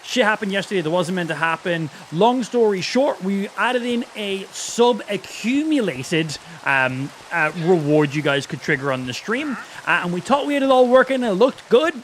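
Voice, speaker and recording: A man's voice: high-pitched, very animated, normal speed, slight background noise. A man live-streaming a video game, chatting casually about what he is doing and swearing freely when things go wrong. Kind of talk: live gameplay stream commentary.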